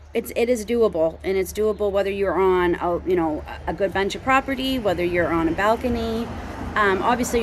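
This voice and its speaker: A woman's voice: mid-range voice, slight background noise. A middle-aged woman from Canada, talking earnestly outdoors at her home as a homestead vlogger, rambling with many ums and restarts. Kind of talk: casual heartfelt talk to camera.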